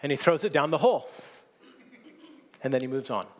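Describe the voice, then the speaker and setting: A man's voice: mid-range voice, expressive, fairly quick. A man preaching a sermon, earnest and often restarting his words, rising into emphatic stretches. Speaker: pastor.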